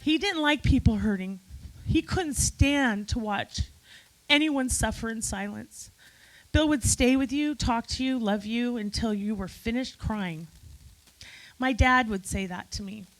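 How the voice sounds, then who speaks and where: Woman giving a heartfelt eulogy, gushing and teary, kinda high pitched. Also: measured pace, low-quality recording. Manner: tearful, effusive, talks straight to friends in the room. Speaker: eulogy speaker. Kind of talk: emotional memorial speech. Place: memorial gathering in a hotel.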